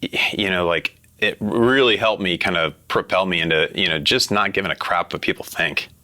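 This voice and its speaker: A man's voice: sits low, moderate pace, pushed and bright. A man, a program graduate, talking earnestly and reflectively in an interview, with many fillers. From United States. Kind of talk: casual interview.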